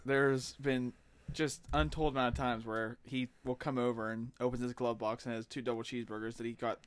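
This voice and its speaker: Teasing, laughing podcast co-host. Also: male voice, mid-range voice, flat delivery, a little fast, smooth. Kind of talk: casual banter.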